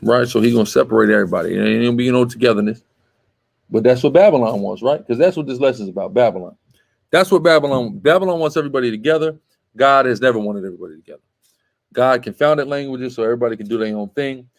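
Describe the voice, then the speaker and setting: A man's voice: mid-range voice, fast talker, vocal fry. A man teaching a Bible class, emphatic and scolding, often checking with "right?" and telling the reader to go on. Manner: emphatic, tags statements with "right?".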